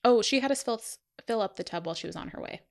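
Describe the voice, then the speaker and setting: A woman's voice: fairly high pitch, animated, fast talker, creaky, a little mellow. A woman in her thirties co-hosting a podcast, telling a personal story in casual chat, acting out quotes and laughing often. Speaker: podcast co-host.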